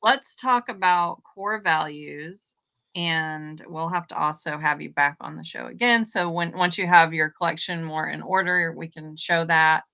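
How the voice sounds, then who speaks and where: A woman hosting a relaxed online chat show, moving the talk along briskly. Her voice sits a little low for a woman but has a bright, forward edge. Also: vocal fry. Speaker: host. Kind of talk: casual chat.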